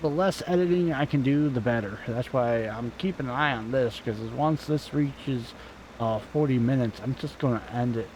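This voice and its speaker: A man's voice: mid-range voice, normal speed, a little mellow, a little hiss or hum, poor audio. A man giving casual, rambling commentary over a farming game, offhand and self-deprecating, swearing now and then. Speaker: gaming channel host. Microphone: desk microphone at home.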